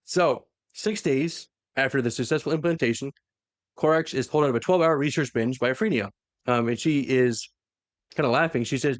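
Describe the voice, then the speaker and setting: A man's voice: medium pitch, no echo, clean studio sound. A man casually retelling a story on a podcast, animatedly acting out the characters' lines. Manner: animated, acts out characters' lines in quick voices. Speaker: podcast co-host retelling a novel. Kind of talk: casual lore recap chat.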